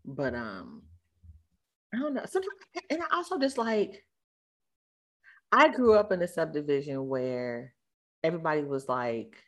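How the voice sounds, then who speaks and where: A woman in casual chat, blunt and animated, talking in quick bursts. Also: low voice.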